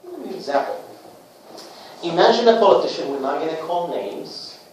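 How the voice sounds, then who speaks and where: A man presenting a book to a small group in a casual talk, with lively rhetorical questions and acted-out little scenes. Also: on the high side, fairly quick. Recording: echoey room, far from the mic, faint noise.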